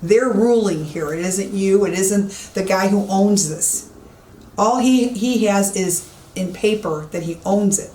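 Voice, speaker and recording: In a dark-toned, medium-pitched voice at a measured pace, a woman psychic medium talks through her walk in a vacant old police station. She is emphatic, circling back to repeat herself. Echo fills the room, along with faint background hiss.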